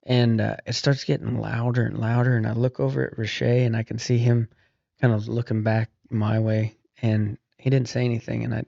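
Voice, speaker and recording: A man's voice: mid-range voice, moderate pace, creaky, dry recording. A middle-aged man, a podcast guest and author, telling long casual anecdotes with easygoing restarts. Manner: relaxed, rambling anecdotes with frequent restarts. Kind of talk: casual storytelling. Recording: dull, lo-fi podcast audio.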